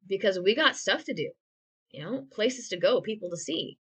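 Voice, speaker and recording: A woman's voice: medium pitch, animated, normal speed, fairly bright tone, husky. A woman co-hosting a podcast, talking candidly and reflectively from home over a video call, with touches of wry sarcasm. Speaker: podcast co-host. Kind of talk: candid conversational podcast talk.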